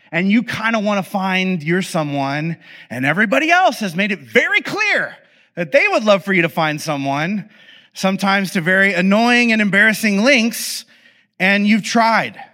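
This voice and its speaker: A man's voice: sits high, big pitch swings, normal speed, bright, forceful tone. A man giving a conversational sermon, telling a humorous story and acting out exasperated inner voices. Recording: echoey hall reverb.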